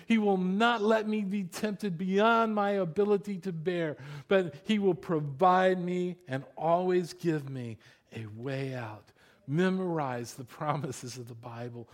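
A man preaching a sermon in a conversational way, sometimes dropping to a hushed voice when retelling stories. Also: a little high. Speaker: pastor.

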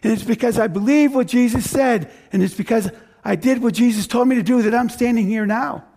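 A preacher voicing an earnest, high-voiced apostle. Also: male voice, fairly quick, dark tone. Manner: earnest first-person retelling, emphatic repetition. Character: apostle Paul, grown man, fervent former persecutor.

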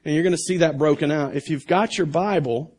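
A man with a fairly high voice preaches from a church stage. He reads a scripture passage aloud and then talks it through plainly, repeating himself and restarting phrases as he goes. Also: a little fast, darkish tone, slightly rough. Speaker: pastor. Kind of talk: sermon. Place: church stage under bright lights.

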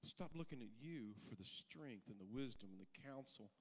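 A male pastor preaching a sermon in a folksy, plain-spoken way, swinging from quiet intimate talk to loud impassioned preaching. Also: medium pitch, animated, normal speed.

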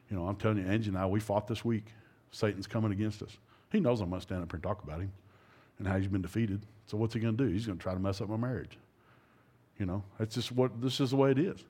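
Folksy preacher, low voice. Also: male voice, a little mellow. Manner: folksy, rambling, with many restarts and asides. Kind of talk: informal sermon.

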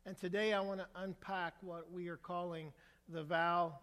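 An older male pastor preaching a sermon in a relaxed, storytelling way, with humor, asking the congregation questions. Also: high-pitched, normal speed, big-room sound. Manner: conversational storytelling with humor, asks the crowd for a show of hands. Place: church sanctuary.

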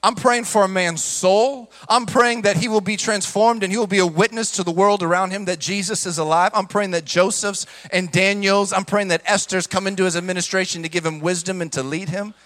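Male pastor, high bright voice, passionate sermon delivery, echo of a big hall. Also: steady tone, a little fast, hardly any pauses. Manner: impassioned preaching, acts out quoted voices.

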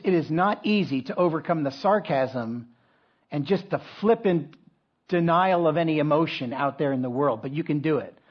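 A middle-aged man preaching a conversational sermon, with frequent restarts and asides. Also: on the high side. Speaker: pastor. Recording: dull lo-fi sound.

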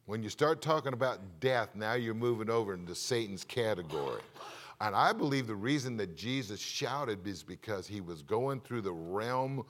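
Emphatic preaching pastor, man. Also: fairly low pitch. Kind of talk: sermon.

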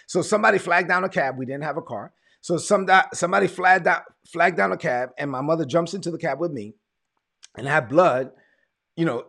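Gravelly man preaching a testimony. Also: fairly high pitch. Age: 40s. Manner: storytelling, repeats words when moved. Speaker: pastor. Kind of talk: sermon testimony.

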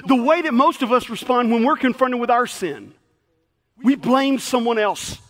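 A male pastor preaching a sermon in a folksy, animated storytelling style. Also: extremely high pitch, moderate pace. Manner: folksy, animated, acts out quotes.

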